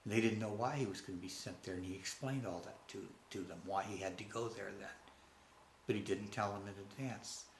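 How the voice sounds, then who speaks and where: A man giving an unscripted religious reflection, halting and rambling with frequent restarts. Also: on the low side, a little hiss or hum. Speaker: religious speaker. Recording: roomy with faint ambience.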